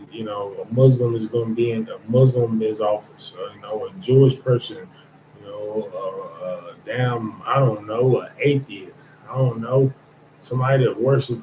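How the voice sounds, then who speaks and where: A man's voice: mid-range voice, a little mellow, slight background noise. Blunt, rambling man on a podcast. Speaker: podcast host. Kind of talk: casual podcast monologue. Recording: echoey room.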